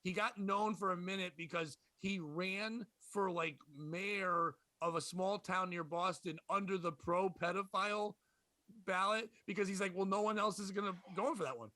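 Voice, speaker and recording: A man with a high, bright, sharp voice tells a rowdy comedy club story in casual chat. He talks animated and profane, laughing as he goes. The sound is close and dry. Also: moderate pace, no room sound. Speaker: podcast host and comedian.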